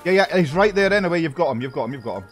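A man in casual voice chat during a shooter game, excitable, swearing a lot and calling out to his squad over a headset mic. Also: fairly high pitch, very fast, loud music behind the voice. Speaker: squad player.

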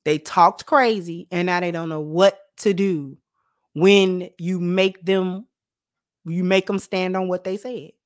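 A woman's voice: lowish voice, fairly even intonation, takes it slowly, no echo, clean studio sound. A woman hosting and commenting on a clip, blunt and scolding. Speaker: host and commentator. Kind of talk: reaction commentary.

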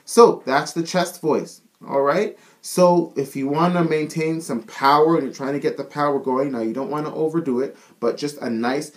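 A man teaching a singing lesson, explaining chest-voice warm-ups in an upbeat way and often checking in with "all right?". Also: fairly high pitch, steady tone, moderate pace, hardly any pauses.

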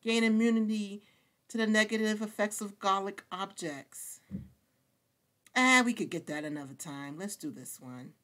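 A woman's voice: mid-range voice, moderate pace, fairly bright tone. A young woman hosting a let's-play video, chatting casually in slang and talking to her game characters. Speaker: gaming channel host.

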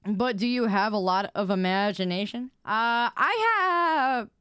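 A woman streamer chatting casually with her viewers, loud and expressive, swinging her voice up and down and protesting at every tease. Her fairly high voice is smooth and clean, recorded dry and close. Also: measured pace, no echo.

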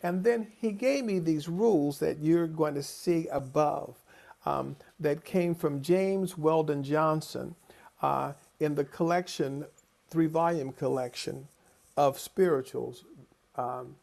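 Man lecturing on a video call, gravelly voice, kinda high, storyteller who acts out the people he quotes. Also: takes it slowly, a little mellow. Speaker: choral conductor and lecturer. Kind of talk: conference lecture with personal storytelling.

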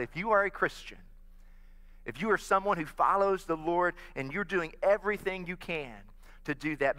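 Bright-voiced male pastor preaching in a church. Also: high-pitched. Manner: earnest preaching, prompting the congregation to repeat phrases. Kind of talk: sermon. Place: church sanctuary. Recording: long reverb of a church hall.

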